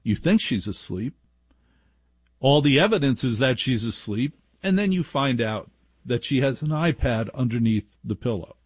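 A man's voice: mid-range voice, husky, no room sound, clean studio sound. A middle-aged man hosting a talk radio show, telling a story with self-deprecating humor. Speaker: radio host.

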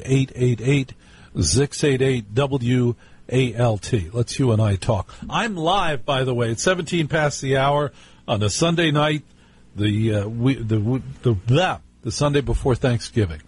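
A man with a husky, slightly breathy voice hosts a live call-in radio show from the studio. He talks in a chatty, storytelling way, drifting into wry asides to his listeners and repeating the call-in number. His pitch sits in an ordinary middle range for a man. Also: a little mellow. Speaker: radio talk show host.

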